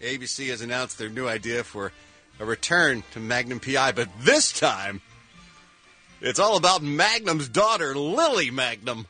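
A man's voice: mid-range voice, expressive, moderate pace, sharp tone, faint music behind. A man giving a mocking entertainment news report on a radio show. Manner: sarcastic and mocking. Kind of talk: comedic showbiz report.

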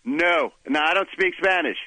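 A man's voice: on the high side, normal speed, bright, forceful tone, poor audio. A man doing a boastful older politician. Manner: brags, short blunt clipped sentences. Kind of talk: comedy impression on radio.

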